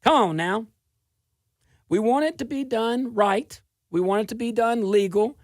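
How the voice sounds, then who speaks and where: A middle-aged man from South Louisiana hosting a political talk show, delivering a sarcastic, animated monologue with frequent laughs. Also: high-pitched, unhurried, no room sound, clean studio sound.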